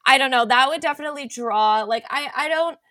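A woman's voice: high-pitched, a little fast, sharp tone, no echo, clean studio sound. A woman co-hosting a podcast, rambling and full of "like" as she trails off mid-thought. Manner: rambling, heavy use of "like", trails off. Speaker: podcast co-host. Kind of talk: casual chat.

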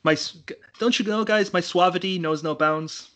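A young Irish man hosts a casual podcast chat. He talks in a fairly high voice, laughs often, and swears freely as he jokes. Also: moderate pace, fairly bright tone. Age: 20s. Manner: joking, profane, laughs a lot. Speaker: podcast host.

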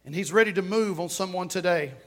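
High-voiced fervent preacher, man. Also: quick pace. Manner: fervent preaching that swings from quiet asides to loud exclamations; conversational, jokes with the congregation. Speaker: pastor. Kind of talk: sermon. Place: church.

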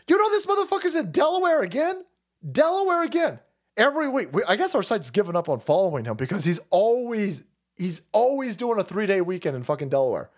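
A man hosting a livestream, ranting in a foul-mouthed, mocking way. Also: extremely high pitch. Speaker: livestream host. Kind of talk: profane political rant.

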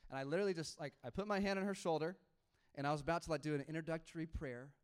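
A young adult man, a pastor, telling a story in a sermon in a casual, animated way with laughs and quoted dialogue. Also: fairly high pitch, rapid-fire, clear, resonant tone.

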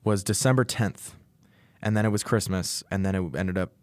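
A man's voice: low-pitched, normal speed, a little mellow, no echo. A young man co-hosting a podcast, telling a long personal story in casual chat with restarts. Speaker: podcast co-host.

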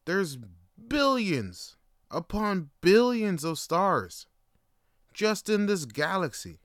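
A man's voice: high-pitched, fairly bright tone, clean tone, no echo, clean studio sound. A young adult man hosting a solo podcast, musing aloud in a loose, slangy, rambling way. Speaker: podcast host. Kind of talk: casual solo monologue.

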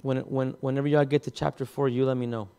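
Halting man telling a sermon story. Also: mid-range voice, level tone, warm tone, smooth. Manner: storytelling, halting with repeated words. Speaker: pastor. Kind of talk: sermon testimony.

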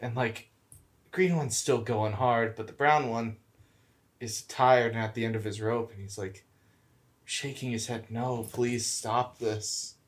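A man's voice: mid-range voice, a little slow, pauses often. Man chatting loosely on a podcast. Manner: relaxed, rambling, many "like" fillers. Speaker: podcast co-host. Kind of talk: casual chat.

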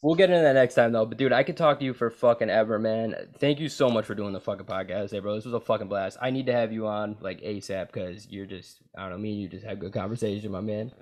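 A man's voice: lowish voice, steady tone, fast, hardly any pauses, darkish tone. A young man hosting a podcast, chatting in a crude, rambling way and calling his guest bro and dude. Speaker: podcast host. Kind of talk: casual chat.

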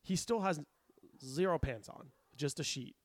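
A man's voice: a little high, a little slow. A man telling a long story in casual chat, acting out the people he quotes. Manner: animated, acts out quotes with raised voice. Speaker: podcast guest telling a story.

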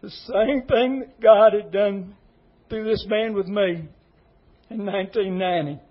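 A man's voice: high voice, measured pace, dull audio. A middle-aged man, an associate pastor giving an earnest, emotional testimony sermon. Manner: emotional, earnest, repetitive pleading.

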